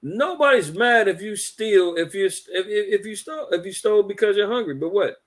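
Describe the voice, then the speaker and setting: A man's voice: high voice, lively intonation, a little fast. A man hosting a religious commentary podcast, talking in an indignant, preachy way and rambling with repeated words. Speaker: podcast host.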